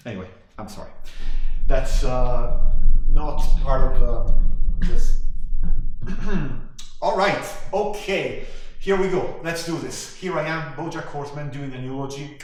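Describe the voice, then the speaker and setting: A bitter, washed-up male horse, played by an actor, mocks his own grief in a dry, deadpan drawl. His voice sits at an ordinary male pitch. It rings around a very echoey room. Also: takes it slowly, long pauses. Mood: mock-cheerful. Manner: sardonic, deadpan, self-deprecating. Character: cynical washed-up male horse sitcom star, middle-aged. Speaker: actor performing a eulogy monologue. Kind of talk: comic monologue performance.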